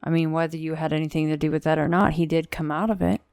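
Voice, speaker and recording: A woman with a low, smooth, clear voice hosts a casual interview, talking in a chatty, reassuring way with plenty of fillers. The sound is dry and close, with no room around it. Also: fairly even intonation, fast, a little mellow, no echo. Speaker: podcast host.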